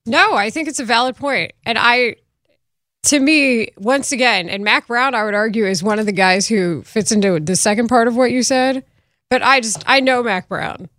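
A woman's voice: a little high, normal speed, fairly bright tone, no echo. Blunt female sports co-host, dry. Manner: blunt, firm. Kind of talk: sports talk show banter.

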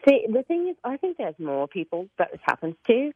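A woman in her forties with a British-sounding accent talks over a thin, tinny telephone line. Her pitch leaps around in a lively way and she laughs easily, often breaking off and restarting her sentences. The line sounds dry and close. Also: brisk, breathy edge, no echo. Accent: British-sounding accent from foreign accent syndrome. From Oklahoma, United States. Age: 40s. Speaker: phone-in guest. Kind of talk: casual interview chat.

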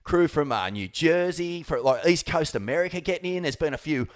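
A man's voice: on the high side, expressive, fairly quick. An Australian man co-hosting a casual sports chat, laid-back and sweary, mate-heavy banter. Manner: sweary, laid-back, swoops into mock voices. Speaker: co-host.

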